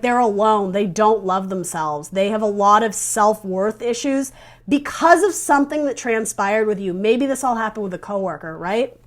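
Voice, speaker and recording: Earnest, fairly high-voiced woman reading tarot. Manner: earnest, addresses the viewer directly; thinks aloud, searching for words. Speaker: tarot reader. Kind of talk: casual spoken tarot reading.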